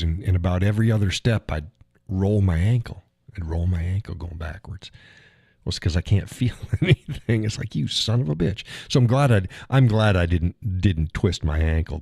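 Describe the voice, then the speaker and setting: Low, dark-voiced man chatting casually. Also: dry recording, studio quality. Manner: rambling, profane storytelling with chuckles. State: recovering from a leg injury. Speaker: live stream host. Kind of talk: casual chat reading viewer comments.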